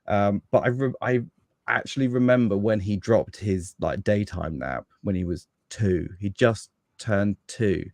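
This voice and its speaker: A man's voice: on the low side, unhurried, a little mellow, dry recording, studio quality. A man chatting casually as a podcast guest about fatherhood, rambling with many restarts and fillers.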